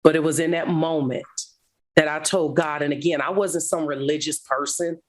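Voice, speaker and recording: Animated woman telling her story. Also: low-pitched, normal speed. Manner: animated, dramatic retelling with laughter. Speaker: guest speaker. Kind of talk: storytelling testimony.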